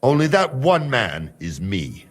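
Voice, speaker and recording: An actor playing a cautious male guard from Hungary in a game cutscene, measured and calculating. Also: mid-range voice, wildly swooping pitch, slightly rough, exaggerated voice.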